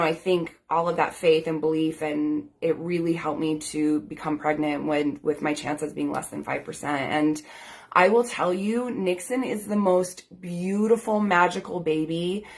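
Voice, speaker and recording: Low-voiced woman telling a personal story. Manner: chatty, many "like" and "um" fillers; earnest and grateful. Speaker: life coach.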